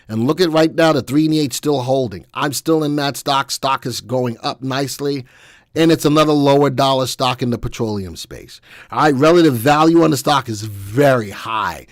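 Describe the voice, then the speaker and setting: A man hosting a live stock analysis webcast, walking viewers through charts with energetic, folksy commentary. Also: mid-range voice, no room sound, clean studio sound. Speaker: stock market analysis host.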